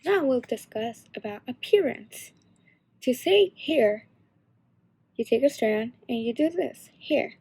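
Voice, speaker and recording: A teenage girl explaining signs in a casual, halting tutorial. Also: high-pitched, animated, darkish tone, slightly rough. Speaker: sign language instructor.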